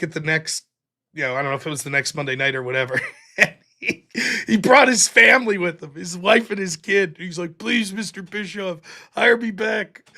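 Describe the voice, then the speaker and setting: A man's voice: high-pitched, vocal fry, pushed and bright. A man hosting a casual live stream, rambling through stories, laughing often and swearing. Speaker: livestream host. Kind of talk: casual livestream chat reading chat.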